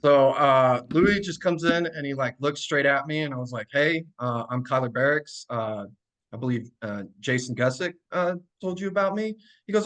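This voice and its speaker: A man's voice: medium pitch, normal speed. A man in his thirties, a podcast guest and strength coach, telling stories casually with lots of fillers. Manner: relaxed, many fillers, laughs while telling stories. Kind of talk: casual storytelling.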